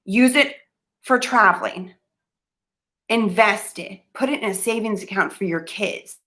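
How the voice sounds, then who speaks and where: A young woman speaks straight to her viewers in a bright, forceful voice. She is earnest and emphatic, pressing each point, then loses her thread and laughs it off before pushing on. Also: medium pitch, measured pace. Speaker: vlogger giving money advice. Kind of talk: casual talk to camera.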